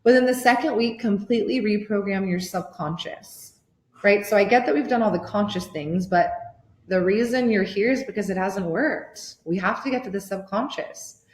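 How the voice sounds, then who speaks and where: Excitable thirtysomething woman coach hyping her program, swears a lot, mid pitch, roomy echo. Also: moderate pace. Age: 30s. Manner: gushing, excitable, swears freely. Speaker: women's life coach. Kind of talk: motivational workshop pitch.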